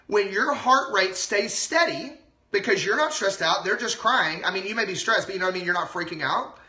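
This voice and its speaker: A man who is a doctor chats excitedly on a phone livestream. His voice is bright and forward, and the room echoes around him. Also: high voice, a little fast. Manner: excited, chatty, lots of asides. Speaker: doctor giving health advice. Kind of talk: casual livestream talk.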